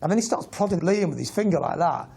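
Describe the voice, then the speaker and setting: Brief: man, gravelly and husky, rattles through a story at speed. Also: high-pitched, fast. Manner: animated, acts out quoted voices. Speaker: interviewee telling an anecdote. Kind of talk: lively storytelling.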